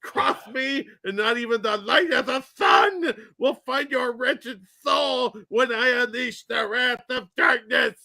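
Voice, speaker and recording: A man hamming up a grandiose dark fantasy warlord, shouting a menacing speech in an over-the-top theatrical way. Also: very high-pitched, takes it slowly, gravelly, few pauses, pitched above the performer's own voice, heavily acted. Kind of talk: mock-dramatic reading.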